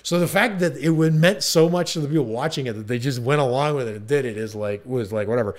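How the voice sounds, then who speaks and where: A man's voice: mid-range voice, quick pace. A man co-hosting a podcast, chatting casually and enthusiastically, rambling with many fillers and restarts. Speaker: podcast co-host.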